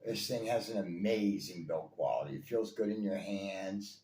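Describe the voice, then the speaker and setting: A man's voice: deep voice, moderate pace, warm tone, slight background noise. A man reviewing toy blasters in casual chat, enthusiastic and rambling, with lots of fillers and repeats. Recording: echoey room, faint ambience.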